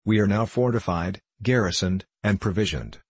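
A man's voice: lowish voice, normal speed, slightly rough, dry recording. A man reading the part of an eager young army officer who speaks formally and politely. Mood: cheerful.

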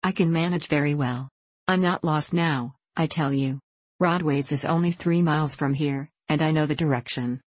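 Proud young woman rider, crisp and haughty, low-voiced and dry; read by a woman. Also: moderate pace, no echo. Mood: imperious.

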